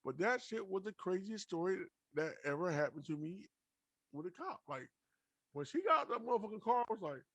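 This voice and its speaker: Young male host, fairly high voice, dry close sound, cussing through animated stories. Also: brisk, dry recording. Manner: profane, animated anecdote telling. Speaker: podcast host. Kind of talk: casual storytelling.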